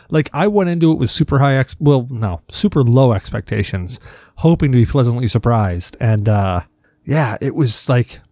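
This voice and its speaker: A man's voice: mid-range voice, dark tone, no echo, clean studio sound. A man co-hosting a podcast, earnestly ranting about a disappointing movie in casual chat over a call. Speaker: podcast co-host. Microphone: remote call mic.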